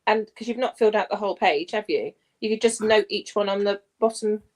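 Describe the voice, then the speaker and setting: A woman's voice: medium pitch, brisk, darkish tone. A woman chatting on a stream panel in a playful, upbeat way. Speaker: panel guest. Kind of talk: casual chat.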